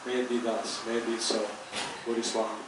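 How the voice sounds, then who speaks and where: In a dharma class lecture held in a teaching hall, a man with a lowish, level voice speaks briskly. He teaches Buddhist study patiently, thinking aloud and frequently restarting sentences. A distant mic in the roomy hall picks up noticeable background noise.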